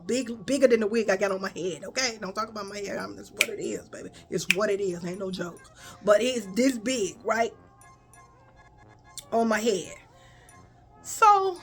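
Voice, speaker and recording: A woman telling a childhood story in a casual, animated way, calling her viewers y'all and baby. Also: mid-range voice. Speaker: storyteller vlogger.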